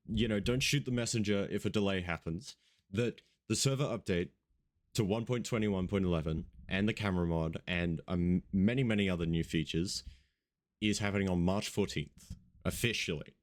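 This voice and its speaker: Casual male radio host, just woken up, rambling and swearing, low-pitched. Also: moderate pace. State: just woke up, yawning. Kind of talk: casual radio show chat.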